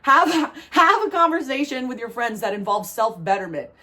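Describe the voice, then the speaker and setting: A woman from New Jersey giving a spiritual tarot reading, talking to viewers in an animated way, repeating phrases for emphasis and laughing often. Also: a little high, normal speed. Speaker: tarot reader.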